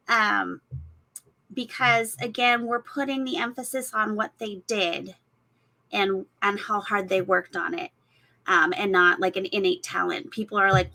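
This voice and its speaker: A woman's voice: mid-range voice, steady tone, measured pace, creaky, bright, forceful tone, poor audio. A woman and mother speaking earnestly on a parenting panel, acting out what parents say to their kids. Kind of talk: casual panel discussion.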